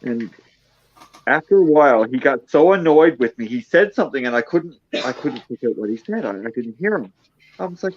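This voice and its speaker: A man telling a prank-call story in casual chat, acting out both sides in a deadpan way. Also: medium pitch, brisk, dull audio.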